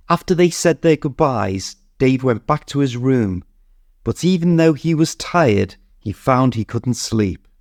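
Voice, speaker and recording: A man with a British accent reading a story clearly and steadily for English learners. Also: mid-range voice, animated, a little slow, darkish tone, no echo, clean studio sound. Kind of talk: scripted narration.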